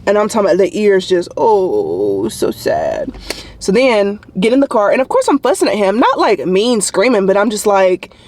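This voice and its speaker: A woman's voice: medium pitch, animated, fairly quick, hardly any pauses, darkish tone. A young adult woman, a nursing student, chatting casually to camera in a vlog and telling stories with lots of "like" fillers. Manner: chatty storyteller, frequent "like" fillers.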